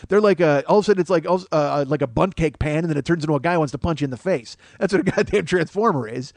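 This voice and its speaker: A man hosts a comedy podcast in a high register, riffing in a profane, rambling way that keeps cutting itself off. The sound is dry and close, with no room around it. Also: racing, gravelly, dry recording. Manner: profane, rambling, self-interrupting. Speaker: podcast host.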